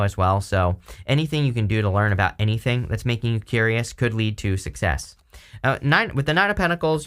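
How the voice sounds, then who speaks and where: A man's voice: fairly low pitch, a bit bright. A man giving a casual tarot reading, talking loosely with many fillers and restarts. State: throat irritated by allergies. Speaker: tarot reader.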